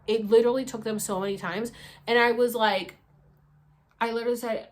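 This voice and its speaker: A young woman vlogger telling a story to the camera in a casual, animated way, acting out quotes and swearing freely. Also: fairly high pitch, a little fast, long pauses. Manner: animated, acts out quotes with sudden loud bursts.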